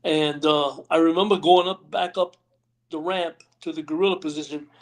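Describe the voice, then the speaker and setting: A man's voice: on the high side, fairly even intonation, moderate pace. A man, a retired wrestler, telling rambling backstage stories on a live stream interview, acting out what others said. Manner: rambling anecdotes, acts out quotes, many "you know what I mean". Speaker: retired pro wrestler, guest. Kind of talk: storytelling interview. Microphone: remote live stream call.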